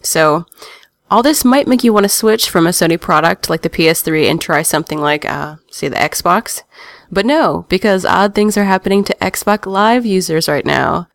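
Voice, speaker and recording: A woman hosts a gaming podcast in a chatty, casual way, slipping wry asides into the news she reads. Her voice sits a little low for a woman. The sound is dry and close, with no room around it. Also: moderate pace, gravelly, no echo. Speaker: podcast host.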